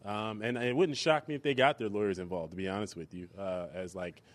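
A man's voice: fairly low pitch, quick pace, few pauses. A man co-hosting a sports talk show, talking in a loose, conversational way with frequent restarts. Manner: conversational, restarts a lot, lots of fillers like 'you know'.

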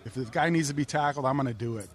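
A man's voice: mid-range voice, very fast. Man in his fifties telling old stories. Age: 50s. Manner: plain-spoken, stumbling restarts, warm reminiscing. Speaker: former football player, guest. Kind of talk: interview storytelling.

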